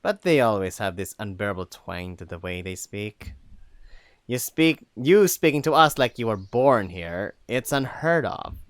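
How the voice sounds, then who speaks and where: A reader voicing a stern, wary female wolf from a wolf tribe, speaking low and measured, in an audiobook reading of a furry fantasy story. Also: expressive, dry recording, clean studio sound, natural voice. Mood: grave.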